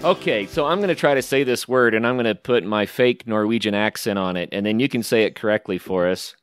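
A man's voice: on the low side, brisk, few pauses, clear, resonant tone, no echo, studio quality. A man hosting a podcast, chatting with enthusiasm and encouraging his guest. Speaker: podcast host. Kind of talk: casual interview chat, reads ads.

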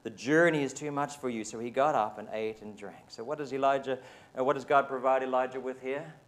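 A man's voice: mid-range voice, steady tone, brisk. A man with a New Zealand accent preaching a sermon at a church service, talking in a chatty way and often checking in with the congregation. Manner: conversational, often asks the congregation "right?". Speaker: pastor.

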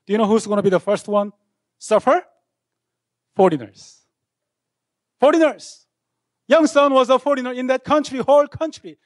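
Dramatic high-voiced male preacher. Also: no room sound, studio quality. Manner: dramatic, swinging from loud outbursts to hushed lines. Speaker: pastor. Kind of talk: sermon. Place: university chapel.

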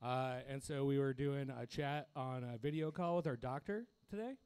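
A man's voice: medium pitch, moderate pace, a little mellow, smooth. A young man doing a crude, self-deprecating stand-up set, laughing at his own jokes. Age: young adult. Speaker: stand-up comedian.

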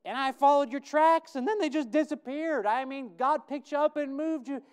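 A man's voice: very high-pitched, lively intonation, normal speed, clear, resonant tone, pitched above the performer's own voice. A man voicing a frightened male royal servant who pleads anxiously in an emphatic voice. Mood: alarmed.

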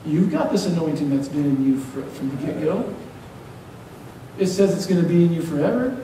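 A man preaching a sermon as pastor, lively and joking as he urges the congregation on. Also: a little high, moderate pace. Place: church sanctuary. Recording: echoey hall from far off, faint hiss.

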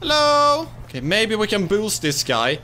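A young man giving excitable let's-play commentary, laughing and shouting at wins and fails. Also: sits high, moderate pace. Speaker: gaming YouTuber.

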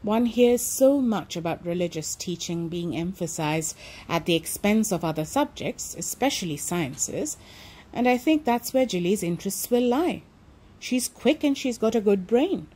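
A woman reading aloud voices a proud, insistent mother in an audiobook, raising her pitch and speaking emphatically. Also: lively intonation, a little slow, darkish tone, breathy edge. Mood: earnest. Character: proud anxious middle-aged mother, sharp.

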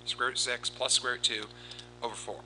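A man teaching a recorded math lesson, explaining steps in a steady, explanatory way and reciting formulas in a rhythmic cadence. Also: medium pitch, normal speed, slight background noise, rough recording. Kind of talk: recorded lesson with board work.

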